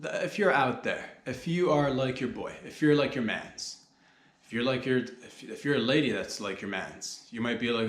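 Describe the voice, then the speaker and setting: A man's voice: medium pitch, normal speed, a bit bright. A man hosting a solo comedy podcast, rambling loosely, joking and swearing as he goes. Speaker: podcast host. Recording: echoey room.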